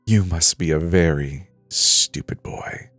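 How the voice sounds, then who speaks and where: A man's voice: sits low, takes it slowly, a bit bright, no room sound, faint music behind, heavily acted. A man voicing a huge, scarred middle-aged male killer who chats jolly and then hisses in a whisper, in a spoken horror story. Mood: hissing whisper. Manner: jolly cheer turning to hissing whisper.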